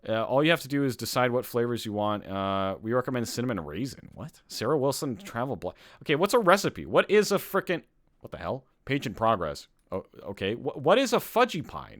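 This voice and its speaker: A man's voice: medium pitch, big pitch swings, fairly quick. A young man from Canada hosting a casual live-streamed podcast, worked up and ranting with lots of swearing. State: sweating. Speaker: podcast host.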